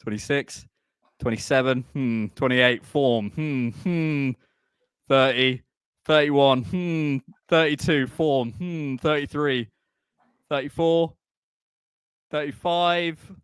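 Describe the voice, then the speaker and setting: A man's voice: medium pitch, fairly even intonation, slow pace, clean tone, no echo, clean studio sound. A man hosting a live podcast, out of breath and bantering in a joking, chatty way. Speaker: podcast host. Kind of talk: casual live podcast chat.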